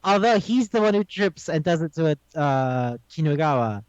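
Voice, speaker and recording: A man on a podcast casually recapping an anime episode, animated and swearing a lot, acting out the characters' lines. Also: fairly high pitch, normal speed, clear, resonant tone, no echo, highs cut off. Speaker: podcast co-host.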